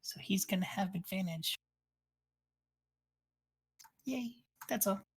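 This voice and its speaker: A woman's voice: medium pitch, moderate pace, slightly rough. Playful woman tabletop player. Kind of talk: casual tabletop game play.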